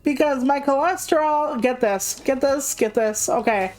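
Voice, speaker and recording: A woman's voice: high-pitched, measured pace, darkish tone, low-quality recording. A young woman streaming a game, chatting casually and candidly, rambling and swearing freely. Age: young adult. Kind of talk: casual gaming stream chat. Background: faint game music.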